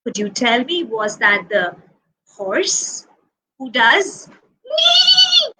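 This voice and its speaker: Woman storyteller from India for a preschool audience. High, unhurried and animated, with whispers and sung refrains. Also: husky, poor audio. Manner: animated, slow and expressive, drops to whispers, sings refrains. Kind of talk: storytelling to young children.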